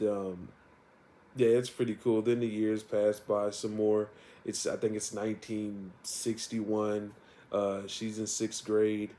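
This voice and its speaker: A man's voice: fairly low pitch, dark tone. A man casually retelling a comic story in a rambling way, with lots of fillers and laughs. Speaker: comic reviewer.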